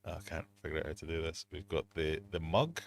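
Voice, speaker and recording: A middle-aged man hosts a relaxed livestream from his fish room. His voice sits very low, and he tells long, self-mocking stories. A faint hum runs underneath. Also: fast talker, vocal fry. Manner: rambling, self-mocking storytelling with quoted asides. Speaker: livestream host. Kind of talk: casual livestream chat.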